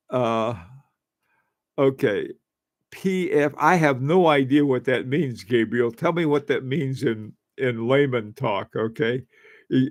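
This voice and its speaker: An older man hosts a casual livestream, answering viewers in a loose, rambling way and laughing often. His pitch sits in the middle range. The sound is dry and close, with no room echo. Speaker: livestream host. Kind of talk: casual livestream chat reading viewer comments.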